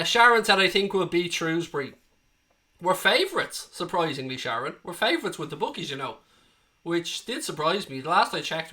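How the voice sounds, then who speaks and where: A man's voice: fairly high pitch, bright, forceful tone. A man hosting a live fan stream, reading viewer comments, passionate and ranting, swearing freely, with a slight tickly cough. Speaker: fan channel host.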